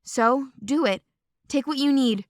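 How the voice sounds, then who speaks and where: A woman's voice: high voice, unhurried, dry recording, clean studio sound, pitched above the performer's own voice. A woman reading an audiobook voices a fierce, loyal young woman with a bold, brash delivery. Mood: urging.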